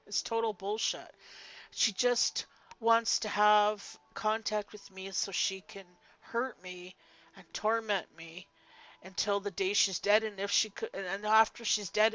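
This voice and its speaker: A woman's voice: mid-range voice, fairly bright tone, muffled recording. An older woman telling a personal story in a vlog, blunt and emphatic, swearing freely. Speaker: vlogger.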